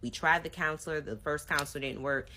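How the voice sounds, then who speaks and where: A woman with a notably low, deep voice tells her own story in a relaxed storytime vlog. She chats directly to her viewers. Her delivery is casual and conversational. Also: fairly quick, slight background noise. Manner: chatty, addresses viewers directly.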